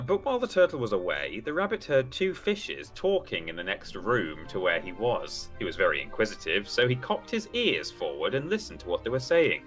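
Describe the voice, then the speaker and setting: Male streamer reading a story aloud, lower voice with a bright, lively edge. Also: moderate pace, hardly any pauses, faint music behind, poor audio. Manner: expressive, animated storytelling. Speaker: streamer and co-host.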